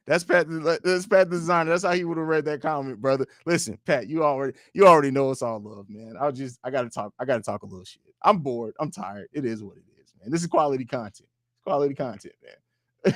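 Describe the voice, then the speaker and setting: Fairly quick in pace, a young male streamer reads viewer comments and hurls profane trash talk during a casual fan livestream from his home studio. His voice veers between loud and mumbled, captured in a dry recording.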